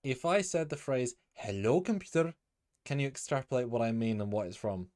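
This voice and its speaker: A man's voice: mid-range voice, lively intonation, a little fast, a little mellow, no room sound, studio quality. A man hosting a casual live stream, rambling with lots of fillers and restarts.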